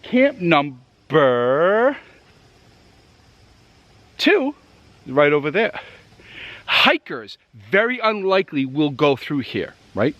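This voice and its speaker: A man who reviews outdoor gear rambles to viewers on a woodland walk, puffing from the climb and speaking to them directly in his Massachusetts accent. The recording is muffled with no echo; his fairly high, slightly bright voice is very animated and his pace slow.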